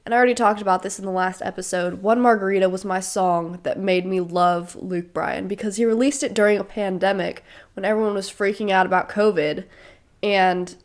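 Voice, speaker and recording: A woman's voice: medium pitch, fairly even intonation, a little fast. A young woman, slightly sick, hosting her own podcast in an enthusiastic, chatty way full of fillers. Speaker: podcast host. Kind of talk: casual solo podcast chat.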